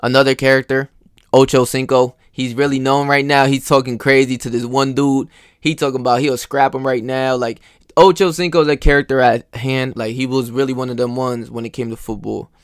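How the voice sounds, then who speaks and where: A young man telling casual stories in a slangy, profane, animated way. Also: mid-range voice, fairly quick, clear, resonant tone, no echo, studio quality. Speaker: host. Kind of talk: casual storytelling monologue.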